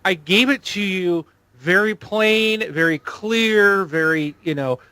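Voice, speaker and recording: Podcast guy venting hard, sharp bright voice, dead dry sound. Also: sits high, takes it slowly, clean tone, no echo. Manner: exasperated ranting, emphatic complaints. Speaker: podcast co-host. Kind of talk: casual gaming podcast chat.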